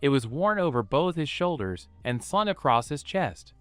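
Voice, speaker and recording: A man narrating a fan fiction story in a steady storytelling manner, voicing every character himself. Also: fairly high pitch, normal speed, smooth, dry recording, soft background music.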